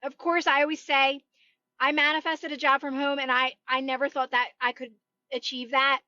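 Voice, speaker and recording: On a livestream, a woman working as a manifestation coach chats in a high, sharp-toned voice with little pitch movement, speaking at normal speed in an earnest, encouraging way and repeating herself often. The recording is dry, close, dull, and lo-fi.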